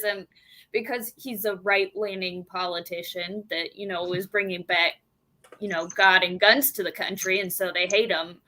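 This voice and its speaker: A woman's voice: medium pitch, steady tone, moderate pace, pushed and bright. A woman chatting casually on a livestream, rambling with lots of fillers.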